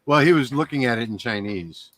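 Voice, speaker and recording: A man chatting casually as a guest on a live stream, relaxed and joking. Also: mid-range voice, a little fast, no echo.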